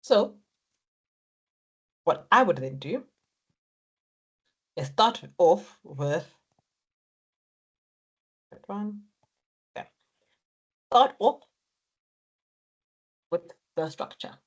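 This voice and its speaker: Low-voiced woman lecturing on exam technique. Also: big pitch swings, extremely slow, long pauses, slightly rough, muffled recording. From Africa. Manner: encouraging, repetitive, talks students through steps. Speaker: accounting lecturer.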